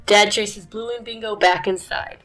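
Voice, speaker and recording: Brief: woman narrating a kids' picture book, gentle and expressive. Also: mid-range voice, normal speed, background noise. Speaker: storybook reader. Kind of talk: children's book read-aloud.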